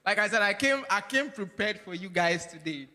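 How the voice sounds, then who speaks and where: A man's voice: high-pitched, animated, moderate pace, bright, forceful tone. A man hosting a playful live quiz at a workshop, teasing the teams and laughing often. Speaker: quiz game host at a workshop. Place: event hall. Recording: long hall reverb.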